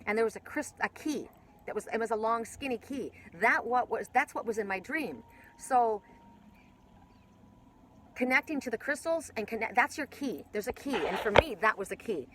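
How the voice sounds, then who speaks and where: A woman's voice: a little high, lively intonation, normal speed, noisy background. A woman giving a casual spiritual oracle card reading, rambling with many restarts and casual swearing.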